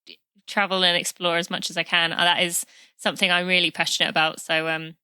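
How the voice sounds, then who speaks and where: A woman's voice: lowish voice, level tone, fast talker, sharp tone, clear, resonant tone, no echo. A woman hosting a podcast interview, chatty and playful, laughing easily. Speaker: podcast host. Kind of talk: casual interview chat.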